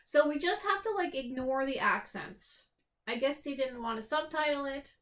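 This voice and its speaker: A woman co-hosting a casual movie podcast, enthusiastic and rambling. Her voice sits a little higher than average, and she keeps the chat going with her opinions. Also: expressive, moderate pace, fairly bright tone. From Canada. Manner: enthusiastic, rambling, talks over her co-host. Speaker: podcast co-host.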